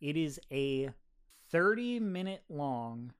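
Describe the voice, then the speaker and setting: Brief: young man, slightly higher voice, swearing, casual podcast storyteller. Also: sing-song, slow, clean tone, no echo, clean studio sound. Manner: loose, profane storytelling with laughs. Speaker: podcast co-host. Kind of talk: casual chat.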